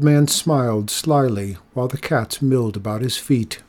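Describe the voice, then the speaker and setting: A man's voice: medium pitch, normal speed, hardly any pauses, darkish tone. Man reading a storybook aloud.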